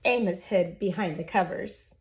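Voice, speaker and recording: A woman in her thirties, a teacher, reading a children's picture book aloud in an expressive, gentle voice and talking directly to her young listeners. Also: on the low side, normal speed, slight background noise. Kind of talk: storybook read-aloud for children.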